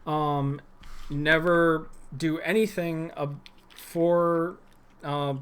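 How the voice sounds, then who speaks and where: Young man, casual vlog rant, irritated and rambling, voice slightly higher than usual. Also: steady tone, drawn-out words, fairly bright tone, clear, resonant tone. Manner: rambling and irritated, many restarts and fillers. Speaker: former gym employee.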